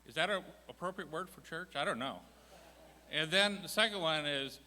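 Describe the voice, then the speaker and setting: A man's voice: mid-range voice, a little fast, pushed and bright, long reverb tail, slight background noise, poor audio. A man chairing a ministry department, giving a folksy, self-deprecating, humorous church presentation. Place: church sanctuary.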